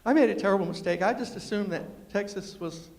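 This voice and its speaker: A man with a New York accent tinged by West Virginia spins a comic story for a live audience, his voice fairly high. He jumps into quoted voices with big swings in pitch. The sound carries a long hall reverb. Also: brisk, vocal fry, darkish tone, a little hiss or hum. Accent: New York with West Virginia influence. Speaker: storyteller and humorist giving a talk. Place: large lecture hall with audience.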